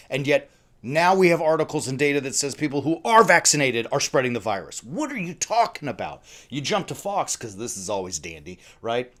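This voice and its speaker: An agitated man rants on his livestream, picking apart news headlines. His voice sits at a middling pitch. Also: fairly bright tone. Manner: agitated, ranting, reads headlines aloud. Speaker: host of faith livestream. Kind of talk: ranting livestream commentary. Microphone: streaming setup.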